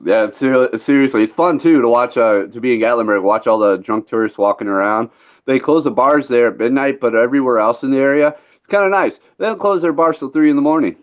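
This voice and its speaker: A man's voice: mid-range voice, fairly quick, highs cut off. A man telling a long story in casual chat, laid-back and rambling, swearing freely. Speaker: podcast host.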